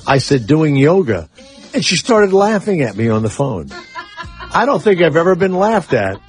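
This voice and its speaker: A man's voice: medium pitch, big pitch swings, a little slow, soft background music. A man hosting a talk radio show, telling stories in a brash, casual way and swearing freely. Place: radio studio.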